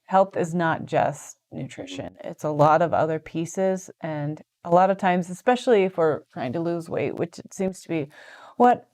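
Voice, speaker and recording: A woman's voice: sits low, animated, normal speed, darkish tone. An American woman co-hosting a casual live stream, chatting and reading viewer comments aloud with frequent laughs. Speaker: co-host of a company live stream.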